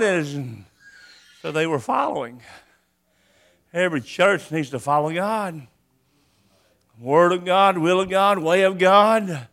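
High, bright-voiced impassioned preacher. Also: male voice, slow pace, pauses often. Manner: impassioned, rhythmic, swinging from soft to loud. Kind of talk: sermon.

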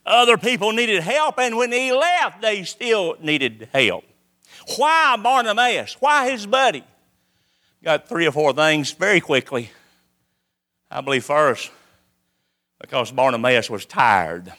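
A man preaching a sermon, swinging between loud calls and hushed lines. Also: high-pitched, sing-song, takes it slowly, pauses often.

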